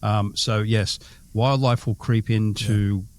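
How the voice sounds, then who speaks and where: A man's voice: fairly low pitch, fairly even intonation, takes it slowly, darkish tone. An Australian man hosting a casual travel conversation, telling easygoing, rambling stories with plenty of fillers. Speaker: host.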